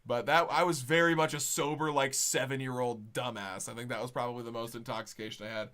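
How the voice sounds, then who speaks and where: A man's voice: medium pitch, steady tone, quick pace, fairly bright tone. A young man hosting a casual podcast, telling rambling, sweary stories with lots of animation. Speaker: podcast host.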